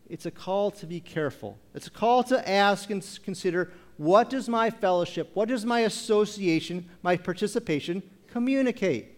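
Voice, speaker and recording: A man with a notably high voice preaches a sermon. He presses his point through strings of rhetorical questions and reads scripture aloud, slowing down on the phrases he wants to stress. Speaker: pastor.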